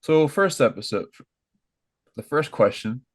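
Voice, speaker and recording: A man's voice: mid-range voice, animated, measured pace. A young American man co-hosting a casual podcast, rambling and correcting his own slips with a laugh. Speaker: podcast co-host.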